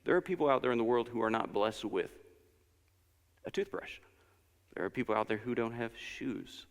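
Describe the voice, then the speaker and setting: A man's voice: mid-range voice, lively intonation, moderate pace, vocal fry. A man giving a casual, conversational sermon at a church service, encouraging and full of personal anecdotes and asides. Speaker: lesson speaker at a church service. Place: church sanctuary. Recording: long church-hall reverb.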